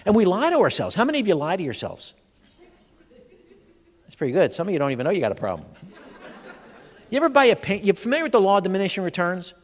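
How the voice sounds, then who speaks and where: A man's voice: high-pitched, huge pitch swings, fast, pauses often. A man giving a comedic health seminar, firing jokey questions at the audience in a large expo hall. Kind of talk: stand-up style seminar talk. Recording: long hall reverb from a live venue.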